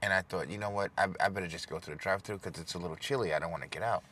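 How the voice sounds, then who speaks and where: Young guy rambling thru a story, low voice but bright and forceful, trips over his words a lot, faint noise behind. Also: rapid-fire. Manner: rambling, self-deprecating, stumbles and repeats words. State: emotional, voice dropping. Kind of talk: casual storytelling vlog.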